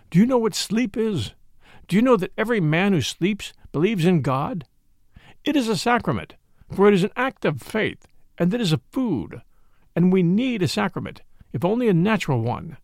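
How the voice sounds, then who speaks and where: A man reading aloud, voicing an excitable middle-aged priest detective who talks fervently in a raised voice. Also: normal speed, gravelly, no echo, studio quality, exaggerated voice. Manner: fervent, raised pitch when preaching.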